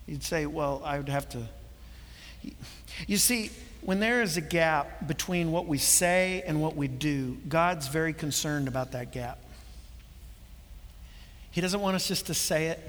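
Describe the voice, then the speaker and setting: A pastor preaching a sermon, earnest and full of rhetorical questions. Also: male voice, fairly high pitch, fairly bright tone. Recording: long hall reverb.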